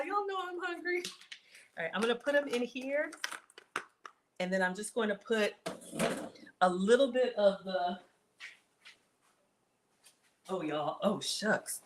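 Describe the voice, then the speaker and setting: Chatty excitable woman cooking live. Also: mid-range voice, measured pace, pauses often, slight background noise. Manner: chatty, excitable, talks to viewers as "y'all". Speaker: cooking livestream host. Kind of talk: casual live cooking chat to viewers. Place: home kitchen.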